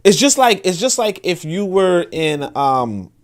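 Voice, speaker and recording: A man hosts his own podcast in a loose, rambling way, with his voice sitting a little higher than most men's. He restarts his sentences often and fills the gaps with "like" and "you know" as he explains what he is reading. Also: very animated, a little slow. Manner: rambling, many restarts and fillers, laughs at himself. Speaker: podcast host. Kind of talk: casual commentary with reading aloud.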